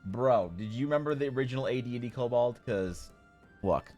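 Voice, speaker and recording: A man streaming while he draws, chatting casually with his viewers in a jokey, mock-outraged way, with sudden loud bursts. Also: medium pitch, brisk, lo-fi sound, soft background music. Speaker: artist streaming while drawing. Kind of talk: casual livestream chat to viewers.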